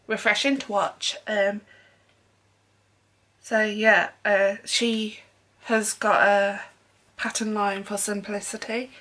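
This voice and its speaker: A woman's voice: medium pitch, fairly bright tone, a little hiss or hum. A young woman chatting casually in a sewing haul vlog, rambling along with frequent ums. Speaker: sewing vlogger.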